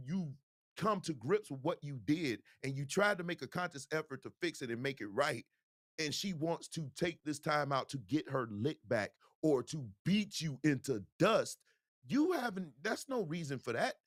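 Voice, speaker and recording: A man's voice: on the high side, moderate pace, dry recording, clean studio sound. A man hosting a video show, talking casually and straight to his viewers. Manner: animated, talks straight to viewers. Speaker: show host.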